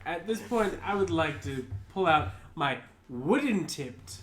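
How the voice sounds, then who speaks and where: A man playing in a tabletop game, who breaks into loud, excited in-character shouts. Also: fairly high pitch, measured pace, echoey room. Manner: bright, bursts into loud drawling shouts in character. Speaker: player. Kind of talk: tabletop role-play banter.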